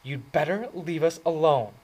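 A man reading aloud and voicing a cool, sharp-tongued teenage girl in a raised voice. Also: fairly high pitch, lively intonation, normal speed, voice pushed up, rough recording. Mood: biting. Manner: biting, dismissive.

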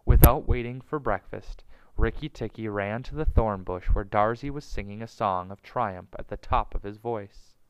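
Man, storybook narrator, low voice, smooth, dry close sound. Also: moderate pace, few pauses, dry recording, poor audio. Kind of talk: storybook reading.

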